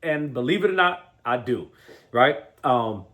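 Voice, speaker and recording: A man hosting a motivational podcast in an energetic, slangy talk, often restarting and asking "right?". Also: mid-range voice, measured pace. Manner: restarts and repeats words often.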